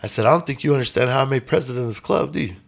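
A man's voice: medium pitch, very fast, gravelly. A man telling a personal story in a casual interview, blunt and emphatic with some swearing. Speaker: podcast guest.

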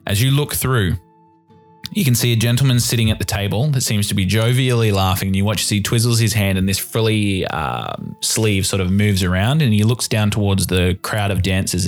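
A man with a low voice narrates a tabletop game as game master. He describes the scene in an easy, relaxed way, with soft music faintly behind him.

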